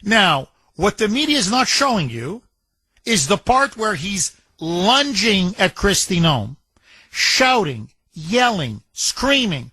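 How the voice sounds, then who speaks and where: A man hosting political talk radio in a high, bright, forceful voice. He hammers his points and repeats phrases for emphasis. The studio sound is close and dry. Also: slow, slightly rough, no room sound. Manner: emphatic, repetitive, animated retelling with quoted voices. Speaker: radio talk show host.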